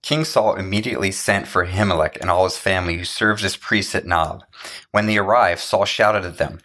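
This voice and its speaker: Lowish-voiced man reading scripture. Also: fairly quick, bright, forceful tone. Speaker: scripture reader.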